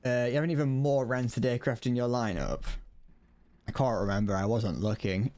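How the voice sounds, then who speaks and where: While playing, a young male streamer keeps up casual, laughing, swear-laden chatter for his viewers. His voice is medium-pitched and a little mellow, at a moderate pace.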